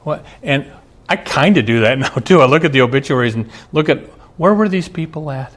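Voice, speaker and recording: A man's voice: mid-range voice, animated, brisk. A middle-aged male pastor preaching a sermon, earnest, asking the congregation rhetorical questions.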